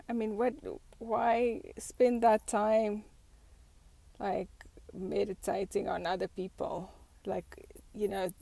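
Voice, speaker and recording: A woman's voice: medium pitch, vocal fry, warm tone, no room sound. A woman vlogger talking through her thoughts in a reflective, casual way, with lots of fillers and restarts.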